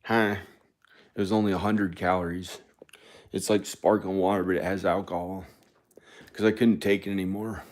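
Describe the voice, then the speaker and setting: A man talking into his phone in a rambling personal vlog, halting and sighing with many restarts. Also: sits low, level tone, a little mellow. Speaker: vlogger. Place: at home and outdoors in the country.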